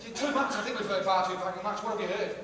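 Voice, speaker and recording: A man's voice: high voice, rapid-fire. An Australian man from Queensland doing a brash, profane stand-up comedy rant on stage. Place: large music hall on stage. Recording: echoey hall, distant, crowd audible.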